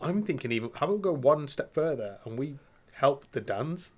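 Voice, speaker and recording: A man's voice: on the high side, expressive, brisk, darkish tone. A man co-hosting a podcast, bantering playfully and laughing often in casual chat. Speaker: podcast co-host.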